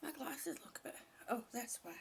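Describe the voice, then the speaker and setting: A woman hosting a casual live stream, greeting viewers by name, short of breath and breathy, often dropping to a whisper. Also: high voice, animated, normal speed. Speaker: livestream host.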